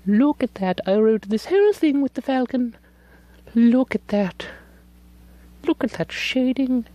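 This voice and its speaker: A young woman reviewing ink and paper in a casual, gushing and playful way, sometimes dropping into hushed whispers. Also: high voice, slight background noise, low-quality recording.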